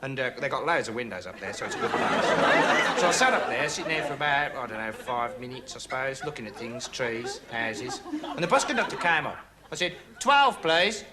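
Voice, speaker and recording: An actor playing a rambling, dim young male amateur investigator in a comic monologue, meandering and deadpan, full of filler words. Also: medium pitch, brisk, a loud crowd, natural voice. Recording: TV studio audience laughter, noisy.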